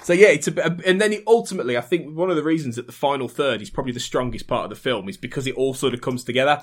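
A man's voice: medium pitch, animated, very fast. Man sharing film trivia. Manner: enthusiastic, stumbling restarts when explaining. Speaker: podcast guest. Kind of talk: casual chat, sharing trivia.

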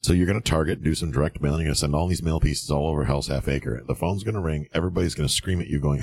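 A man's voice: rumbling low, very fast, gravelly, hardly any pauses, darkish tone, breathy edge, no room sound. A man giving blunt, sarcastic real estate advice, mocking get-rich schemes and acting out the people he quotes.

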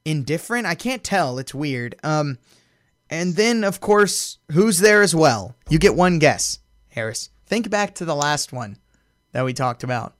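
A man hosting a casual podcast, recapping a wrestling show with amused storytelling and lots of fillers. His voice sits a little high for a man and sounds dry and close to the mic. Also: animated, unhurried, no room sound. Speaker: podcast host.

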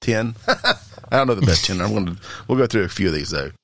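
Low, dry-voiced man telling dad jokes. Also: expressive, fairly quick, a bit bright, no room sound. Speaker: podcast producer. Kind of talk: casual chat, telling jokes.

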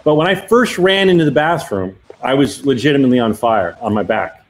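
A man's voice: medium pitch, brisk, rough recording. A man co-hosting a live podcast, chatting casually and laughing often. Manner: animated, laughing, swearing freely. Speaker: podcast co-host.

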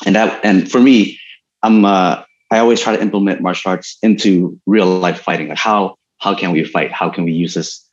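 A man with a very low, deep voice tells stories at an easy pace, full of "you know" and "like". The sound is a little muffled and lo-fi. He sounds casual and unhurried. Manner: relaxed storytelling with many fillers and frequent laughs. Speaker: guest, stuntman and martial artist. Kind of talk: casual interview conversation.

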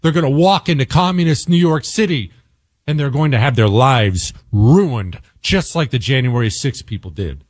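A man hosting a radio talk show, delivering an emphatic opinion monologue and slowing down to hammer his points. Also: medium pitch, expressive, no echo, studio quality.

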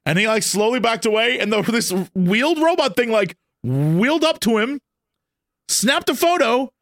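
Man, high voice, dry close mic, casual podcast storytelling, animated. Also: moderate pace, no room sound. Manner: animated, acts out quotes with raised voice. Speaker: guest on a podcast.

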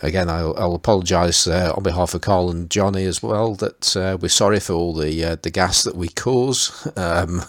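A man's voice: low voice, moderate pace, hardly any pauses, no room sound, clean studio sound. A man co-hosting a casual podcast, talking hesitantly with stammers and restarts. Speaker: podcast co-host.

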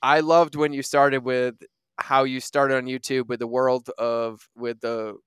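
Effusive male podcast host, smooth voice. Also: mid-range voice, flat delivery, measured pace, no echo, clean studio sound. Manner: effusive, gushing praise with fillers. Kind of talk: casual conversation.

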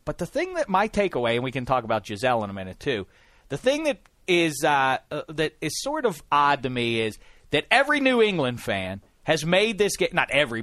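Animated, opinionated male podcast host. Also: a little high, no echo, clean studio sound. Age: 40s or older. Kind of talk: casual sports podcast chat.

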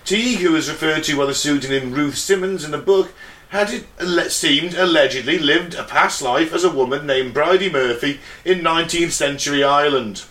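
A man's voice: a little high, brisk, fairly bright tone. An English man co-hosting a podcast, reading out a case from notes and laughing along with friends. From England. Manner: laughs often, reads notes then riffs. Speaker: podcast co-host. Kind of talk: casual chat, reading out a case. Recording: echoey room.

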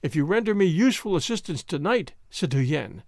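A man's voice: fairly high pitch, sing-song, brisk, darkish tone, no room sound. A man voicing a cold, relentless male French diplomat in an audiobook, speaking dryly and without mercy. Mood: cold menace. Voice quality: dry, relentless delivery.

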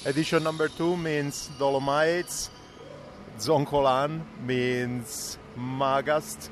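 A man's voice: mid-range voice, fairly even intonation, slow. A man talking casually to his camera while travelling by train and arriving at stations, rambling and talking to himself. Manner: rambling, self-talk. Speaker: cycling vlogger. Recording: noisy train ambience.

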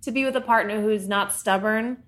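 A woman's voice: mid-range voice, fairly even intonation, fairly quick, a crowd in the background. A young adult woman chatting casually, chiming in on a shared story and laughing easily.

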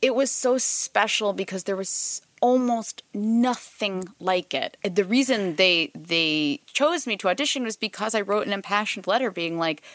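A woman's voice: medium pitch, unhurried, few pauses, no room sound. A woman in her thirties, a guest on a podcast, chatting casually with lots of laughs and fillers. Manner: animated, laughing, many fillers and asides. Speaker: guest, actor and writer. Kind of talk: casual interview chat.

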